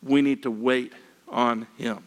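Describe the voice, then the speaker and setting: An older man preaching a sermon, folksy and gently humorous, with repeated phrases. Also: medium pitch, steady tone, takes it slowly, long reverb tail.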